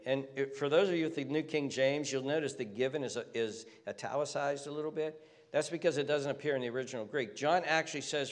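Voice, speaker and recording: A man preaching a sermon in earnest, with many restarts and repeated words, rising in pitch when he stresses a point. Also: fairly quick. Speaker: pastor. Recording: long hall reverb.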